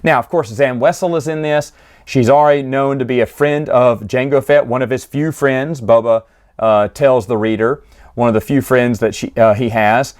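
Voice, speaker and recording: A man's voice: mid-range voice, steady tone, normal speed, darkish tone. A man casually recapping a children's book, chatty and amused, often acting out quotes from the characters. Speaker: book reviewer.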